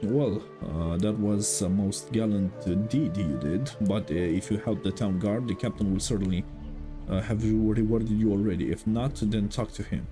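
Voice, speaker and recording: A man's voice: fairly low pitch, moderate pace, over music, natural voice. A man voicing a fussy older male town mayor, reading game dialogue aloud in a dismissive, hesitant way full of uhs.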